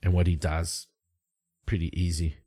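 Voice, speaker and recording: A man's voice: sits low, level tone, moderate pace, dark tone, breathy edge. A man narrating a solo tabletop game in a casual, rambling way, with frequent fillers.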